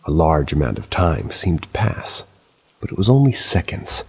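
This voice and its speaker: A man calmly narrating a true paranormal story in a steady storytelling manner. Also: extremely low pitch, normal speed, gravelly, breathy edge. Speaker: narrator of submitted paranormal stories.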